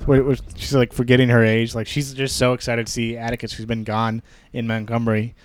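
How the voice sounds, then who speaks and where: A man's voice: medium pitch, level tone, fairly quick, no echo. A man co-hosting a casual book discussion, talking in a thoughtful way. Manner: thoughtful, reads passages aloud. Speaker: podcast co-host.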